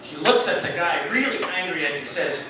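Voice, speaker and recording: A man speaking at a reunion, telling jokes to the audience as a slow, chuckling storyteller. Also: a little high, lively intonation. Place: large echoey hall at a reunion. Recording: echoey hall, distant mic, crowd.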